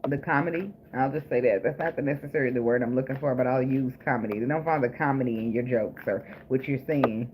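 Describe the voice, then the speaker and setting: A man's voice: mid-range voice, quick pace, few pauses, highs cut off. A man giving a casual tarot reading, blunt, profane and joking, with frequent laughs. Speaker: tarot reader. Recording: noisy recording with clicks.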